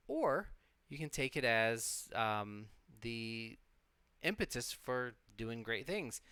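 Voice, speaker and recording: Bright, smooth-voiced man musing casually. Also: medium pitch, very animated, measured pace, dry recording. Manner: loose and reflective, swears freely, many fillers and restarts. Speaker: co-host of a live witchcraft stream. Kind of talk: casual rambling talk.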